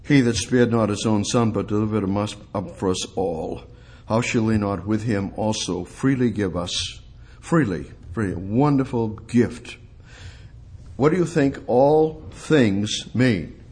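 A male preacher delivering a sermon, asking rhetorical questions and building up to emphatic, high-pitched peaks. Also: measured pace, darkish tone, husky.

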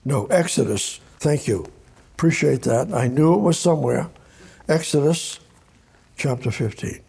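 Husky-voiced man preaching a sermon. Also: a little high, a little slow, dark tone. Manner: conversational, repeats words, reads scripture aloud. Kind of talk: sermon, Bible study.

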